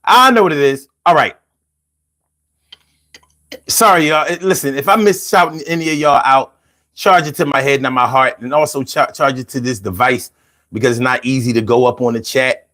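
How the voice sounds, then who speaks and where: A man hosting a casual call-in show, animated and playful, chanting lines rhythmically and chatting with viewers. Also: medium pitch, normal speed, pauses often. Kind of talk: casual livestream talk.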